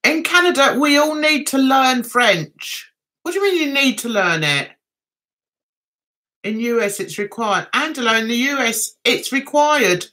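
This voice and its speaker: A woman's voice: high-pitched, lively intonation, unhurried, bright, forceful tone. A woman from England hosting a casual livestream chat, reading out viewer comments and giggling often. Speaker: livestream host.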